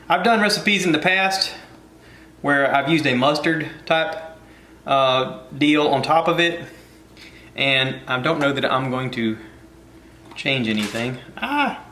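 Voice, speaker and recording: A man's voice: medium pitch, lively intonation, takes it slowly, pauses often, sharp tone, echoey room. A man hosting a casual cooking video from his home kitchen, rambling and joking at his own expense. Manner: rambling, jokey, self-deprecating.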